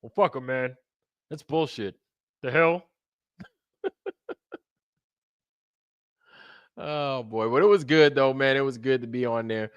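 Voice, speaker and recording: A man's voice: medium pitch, normal speed, clean tone, dry recording, lo-fi sound. Laid-back swearing male livestream host. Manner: profane, laid-back, drifts into mocking impressions. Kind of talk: casual livestream chat.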